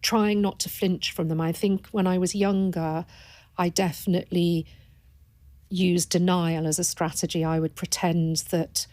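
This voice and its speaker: A woman's voice: on the low side, flat delivery, unhurried, a little mellow, dry recording. Earnest woman, dry close sound. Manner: earnest and thoughtful, with frequent restarts and repeated words. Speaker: palliative care doctor, podcast guest. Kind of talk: reflective interview conversation.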